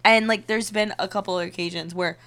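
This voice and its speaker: A young woman in her twenties hosting a podcast, telling stories in casual, animated chat, full of swearing and "like". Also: medium pitch, brisk. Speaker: podcast host.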